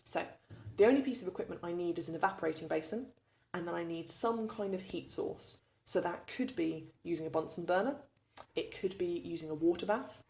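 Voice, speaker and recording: A woman's voice: on the low side, a little fast, creaky, darkish tone, slight background noise. A woman, a chemistry teacher giving a recorded revision lesson and explaining each step patiently.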